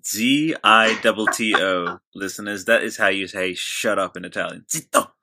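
A man's voice: low voice, steady tone, moderate pace, creaky, sharp tone. A man hosting a casual podcast chat, joking and teasing his co-hosts with frequent laughter. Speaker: podcast host.

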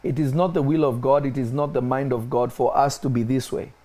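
A man's voice: steady tone, brisk, a little mellow. A man preaching in a spiritual discussion, emphatic and repeating his key points. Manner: emphatic, repeats key phrases, rises in pitch when stressing points.

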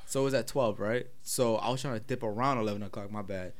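A young man, hosting a casual podcast chat, talking haltingly with many fillers and restarts and laughing often. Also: fairly low pitch. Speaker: podcast host.

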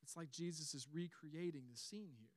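A man with a Southern accent preaching a sermon, telling the story with animated, acted-out dialogue. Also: on the high side, normal speed, no echo. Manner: animated storytelling, acts out quoted lines. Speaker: pastor.

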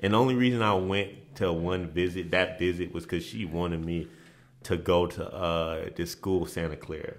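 Very deep-voiced man telling stories. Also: normal speed. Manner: relaxed, with frequent restarts and repeated phrases. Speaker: interview guest, former basketball player. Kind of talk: casual storytelling in a podcast interview.

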